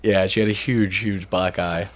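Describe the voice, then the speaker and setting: Low-voiced man telling anecdotes. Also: steady tone, normal speed. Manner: laid-back, swears, tells anecdotes. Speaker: podcast co-host. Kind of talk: casual podcast chat.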